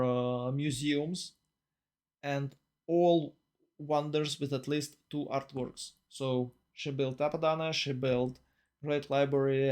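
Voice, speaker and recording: Excitable male esports caster. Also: medium pitch. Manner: rambling, excitable, many fillers and restarts. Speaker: tournament caster. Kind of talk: live esports commentary.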